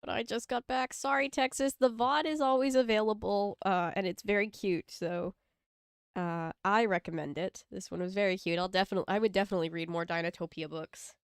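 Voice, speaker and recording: A woman's voice: mid-range voice, steady tone, a little fast, clear, resonant tone, no room sound, clean studio sound. A woman hosting a casual live stream, chatty and giggly as she wraps up a book reading. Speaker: stream host.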